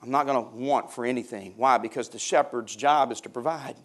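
Man preaching a sermon, mid-pitched voice, goes quiet then builds up loud and high, gets the church to answer back. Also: brisk, few pauses. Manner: swings from hushed to loud, rising emphatic passages; calls for congregation responses. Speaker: pastor.

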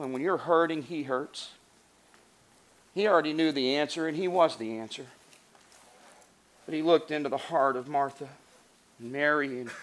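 A man preaching a sermon as pastor, earnest, rising to emphatic lines and dropping to soft hushed passages. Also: medium pitch.

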